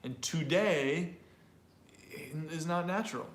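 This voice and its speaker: A man's voice: medium pitch, normal speed. Man, pronunciation teacher, live online class, explanatory, repeats himself, roomy echo. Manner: explanatory, repeats and restarts words.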